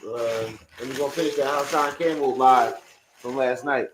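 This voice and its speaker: A young adult man hosting a casual livestream, loud and profane as he scolds his kids. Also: mid-range voice, normal speed, roomy sound, noisy background. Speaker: online show host.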